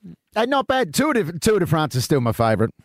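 A man's voice: a little high, wildly swooping pitch, fast, dry recording, clean studio sound. An Australian man guest-hosting a radio show, teasing callers and co-hosts. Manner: playful, teasing. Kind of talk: radio banter.

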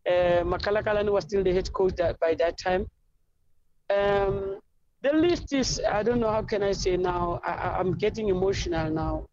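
A woman's voice: mid-range voice, normal speed, darkish tone, lo-fi sound, slight background noise. Effusive South African woman coach. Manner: effusive, rambling storytelling. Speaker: football coach. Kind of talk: interview answers.

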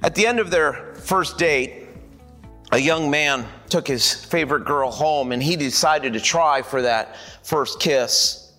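A male pastor preaching a sermon to a congregation, telling a story with animated acted-out dialogue. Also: fairly high pitch, slow, soft background music.

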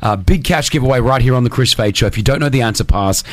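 A man hosting a breakfast radio show from a studio, joking with callers and running a quiz in a brisk, upbeat way. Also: mid-range voice, no echo.

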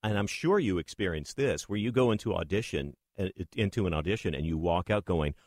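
A man's voice: low voice, expressive, fairly quick, darkish tone, dry recording, clean studio sound. A man hosting a casual interview, prompting his guest with questions and laughing along. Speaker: host, interviewer.

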